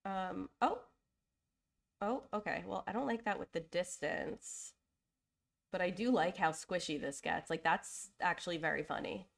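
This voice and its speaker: Gravelly-voiced woman hosting a live design stream. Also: lowish voice, a little slow. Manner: chatty, thinking aloud with fillers and self-corrections; openly emotional and apologetic. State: getting over a cold. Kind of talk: casual live design commentary.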